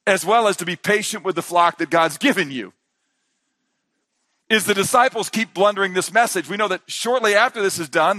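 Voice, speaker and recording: Bright, high-voiced man preaching a sermon. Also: no room sound. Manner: animated preaching, voices Jesus and disciples in quotes, drops to hushed emphasis. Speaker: pastor. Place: conference hall.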